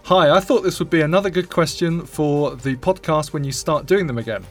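Male co-host reading emails, slightly high voice, faint music. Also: fairly quick. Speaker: podcast co-host.

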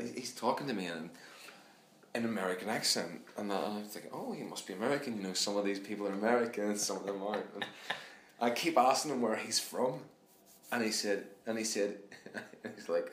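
A man tells a funny story with great animation, laughing and putting on voices. His pitch swings widely. The sound is roomy and echoey, with faint noise behind. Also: animated, moderate pace, bright, forceful tone. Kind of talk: telling a funny anecdote.

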